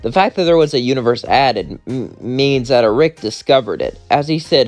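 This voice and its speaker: A man's voice: medium pitch, expressive, normal speed, hardly any pauses, no echo, faint music behind. Rambling male fan storyteller. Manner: rambling, self-correcting. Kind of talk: improvised fan story narration.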